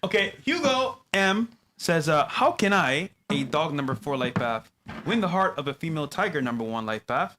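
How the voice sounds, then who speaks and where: Easygoing guy, slightly high voice, reading chat out loud, noisy background. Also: very animated, moderate pace. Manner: easygoing, agreeable, laughs along. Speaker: co-host reading chat questions. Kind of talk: casual chat.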